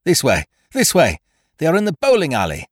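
A man voicing a desperate, hot-tempered rescuer who cries out in excitement. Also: medium pitch, normal speed, no echo, lightly acted. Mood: frantic. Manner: excited, crying out.

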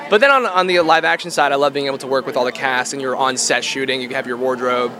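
A young man, a voice actor, answering interview questions in a relaxed, rambling way with many fillers, outdoors at a public venue. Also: mid-range voice, fast talker, crowd noise. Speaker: voice actor guest. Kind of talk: casual interview.

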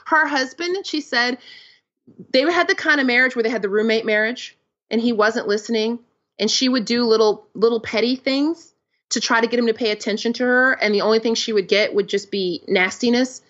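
Woman coach, high-ish voice, animated storyteller, kinda muffled lo-fi audio. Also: brisk. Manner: animated storytelling, acts out client quotes. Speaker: life coach. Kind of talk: podcast interview guest.

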